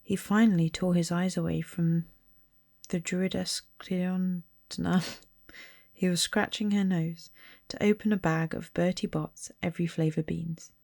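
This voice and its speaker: A woman reading a storybook aloud in a soft, slow ASMR manner, partly whispered. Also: fairly low pitch, fairly even intonation, creaky, no room sound, studio quality. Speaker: storybook reader.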